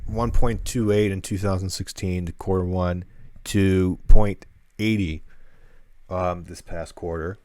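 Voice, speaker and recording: Deep-voiced man hosting a casual podcast. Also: steady tone, measured pace, a little mellow, dry recording. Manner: rambling, many fillers and restarts. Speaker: podcast co-host.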